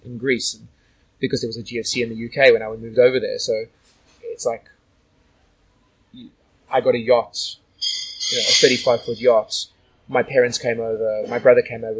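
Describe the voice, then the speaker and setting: A man's voice: medium pitch, breathy edge, poor audio. A man from Australia telling stories as a guest in a casual interview, rambling with lots of "like" and "you know".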